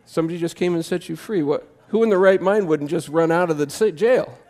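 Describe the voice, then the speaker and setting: A pastor preaching a sermon in a church, conversational and impassioned, jumping to loud emphasis. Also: male voice, fairly high pitch, brisk. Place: church sanctuary.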